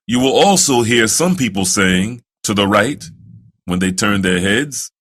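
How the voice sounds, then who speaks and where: A man teaching new converts how to pray, speaking slowly and deliberately and repeating phrases for the listener to copy. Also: lowish voice, animated, a bit bright, slightly rough. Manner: recites prayer phrases in drawn-out chant. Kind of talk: slow instructional lesson on prayer.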